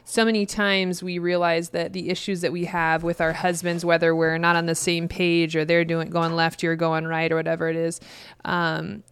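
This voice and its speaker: A woman's voice: fairly low pitch, little pitch movement, moderate pace, hardly any pauses, smooth. A woman in her thirties co-hosting a casual scripture chat, offering encouraging advice with emphatic repetition and easy laughter. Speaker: co-host.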